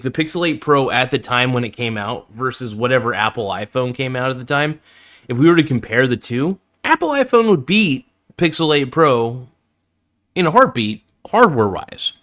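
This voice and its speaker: A man's voice: medium pitch, a bit bright. A man hosting a live-streamed phone review, talking casually with lots of fillers, restarts and enthusiastic asides. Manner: enthusiastic fan, easily impressed.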